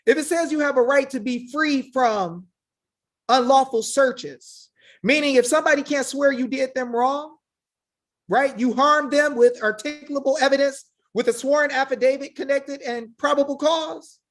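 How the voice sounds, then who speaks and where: She's an online legal rights commentator, high-pitched and moving at a moderate pace, delivering a heated, sermon-like monologue directly to her audience. Rhetorical questions stack up, and "y'all" comes up again and again.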